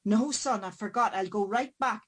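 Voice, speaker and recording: An old country priest, flustered and hurried, his speech tumbling out, as a woman storyteller gives him voice. He sounds shaken but kindly. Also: medium pitch, slightly rough, close to an everyday voice.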